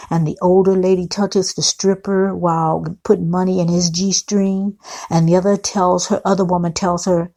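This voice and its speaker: A woman talks viewers through a TV episode in a casual, opinionated vlog. Her voice sits low and creaky. She takes her time and often calls her viewers guys. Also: dark tone. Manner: chatty, opinionated, keeps addressing viewers as guys. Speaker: TV recap vlogger. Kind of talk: casual episode recap with commentary.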